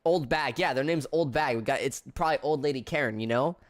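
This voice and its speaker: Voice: medium pitch, fast talker. A streamer chatting casually with viewers while playing through a story game. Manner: chatty, laughing, self-interrupting.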